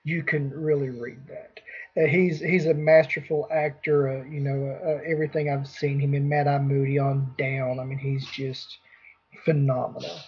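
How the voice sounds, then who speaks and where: A man hosting a casual movie review chat, rambling and relaxed with many restarts. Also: mid-range voice, normal speed, husky. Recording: dull lo-fi recording.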